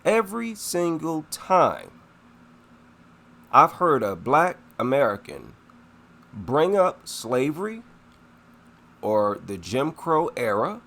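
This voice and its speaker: A man's voice: on the high side, very animated, takes it slowly, gravelly, pauses often, a bit bright. A man giving indignant reaction commentary on a clip, scornful and emphatic, repeating his points for weight. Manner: emphatic, repeats himself for effect.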